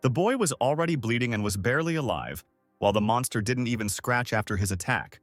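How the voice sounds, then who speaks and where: Lively-pitched male story narrator. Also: a little fast, dry recording, faint music behind. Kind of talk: scripted story recap narration.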